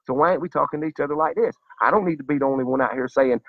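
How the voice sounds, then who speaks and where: A man's voice: a little high, rapid-fire, hardly any pauses, no echo, highs cut off. A man delivering a fired-up, profane, preachy monologue to his viewers. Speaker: vlogger. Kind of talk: impassioned monologue to camera.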